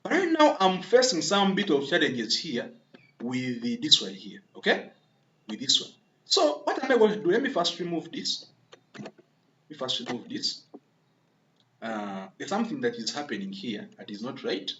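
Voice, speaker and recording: A man walks through code in a coding tutorial, his pitch fairly high and swinging widely as he thinks aloud and keeps asking "okay?". The sound is roomy and a little dull, with a faint hiss behind him. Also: very animated, normal speed, a bit bright. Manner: repetitive, thinking aloud, frequent "okay?" checks; addresses viewers as "members". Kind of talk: screen-recorded coding tutorial.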